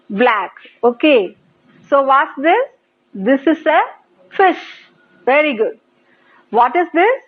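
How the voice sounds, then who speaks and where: A woman with an Indian English accent teaching young children English on TV, prompting them to repeat words and praising them often. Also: high-pitched. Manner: slow, sing-song prompting with repeated praise. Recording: tinny phone-like broadcast audio.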